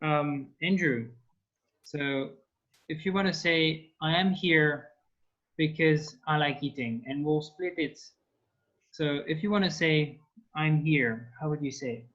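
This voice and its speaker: Slow, patient tutor on a call. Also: male voice, fairly high pitch, fairly bright tone. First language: French. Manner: patient, slow step-by-step prompting. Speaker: French tutor. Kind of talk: online language class. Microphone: video call. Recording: dull lo-fi call audio.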